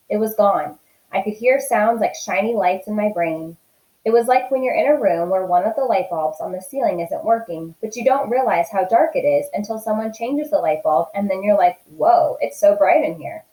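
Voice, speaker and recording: A woman teacher reading a novel aloud in an expressive, steady storytelling voice. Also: mid-range voice, normal speed, echoey room, low-quality recording.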